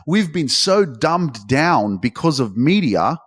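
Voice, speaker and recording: A man's voice: sing-song, slow, slightly rough. Profane, fired-up male motivational speaker. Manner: profane, emphatic, pitch climbs when fired up. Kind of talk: motivational talk. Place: Dubai.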